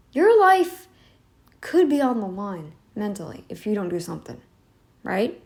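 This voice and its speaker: A reaction-channel host gives casual commentary that is emphatic and sarcastic, hitting her listeners directly with rhetorical questions. Her medium-pitched voice is creaky and very animated, and she takes her time.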